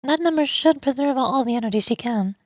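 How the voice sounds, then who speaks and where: A woman voicing a calm, calculating schoolgirl strategist who speaks in a measured, formal way. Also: sits high, no room sound. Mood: cool calculating. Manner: measured, formal, coolly logical.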